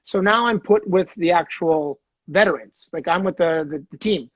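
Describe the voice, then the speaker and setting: A man from Canada hosting a casual podcast, telling an animated hockey story and acting out the people in it. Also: sits high, normal speed, dry recording, dull audio. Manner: animated storyteller, acts out quoted voices. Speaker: podcast host, former hockey player.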